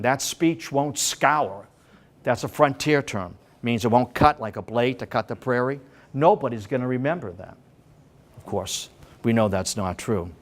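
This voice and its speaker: Older male lecturer, emphatic storyteller, slows for key phrases, restarts often. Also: mid-range voice. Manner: emphatic, with dramatic slowed phrasing and frequent restarts. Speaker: history lecturer. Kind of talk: public history lecture. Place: senior center meeting room.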